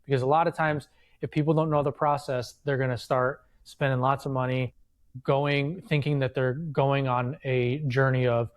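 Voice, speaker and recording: A man with a mid-range voice co-hosts a casual podcast for inventors. He gives advice in a steady, explaining way and uses a few fillers as he goes. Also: medium pitch, moderate pace. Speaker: podcast co-host, inventor coach. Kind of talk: casual chat.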